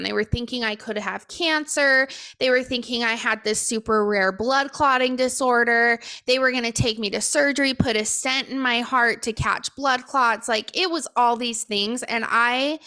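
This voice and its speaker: A woman's voice: fairly high pitch, bright, forceful tone. A young woman hosting a podcast on her own, telling a personal story candidly with lots of fillers and quoted dialogue. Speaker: podcast co-host.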